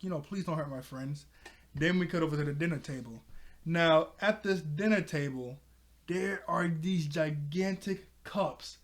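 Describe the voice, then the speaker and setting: Young man casually recapping a cartoon. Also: a little high. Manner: loose, laughing retelling with quick quoted lines. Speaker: cartoon reviewer.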